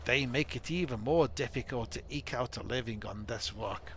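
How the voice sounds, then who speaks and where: A man voicing a weary male dwarf survivor in a rough put-on accent, dramatically retelling a disaster. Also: medium pitch, normal speed, a bit bright, a little hiss or hum, lightly acted. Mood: dramatic.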